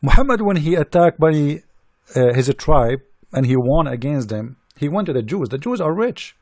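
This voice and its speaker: Speaking as a religious critic, this man rails in an indignant, scornful monologue packed with rhetorical questions, in English that isn't his first language. His slightly high, mellow voice has lively intonation and a moderate pace, and the studio recording is dry.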